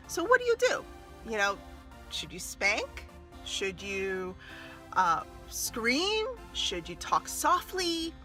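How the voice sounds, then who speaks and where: A woman talking casually to camera as a mother and former early childhood teacher, animated and laughing often as she acts out little scenes. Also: fairly high pitch. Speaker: mother giving parenting tips. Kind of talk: casual advice vlog to camera.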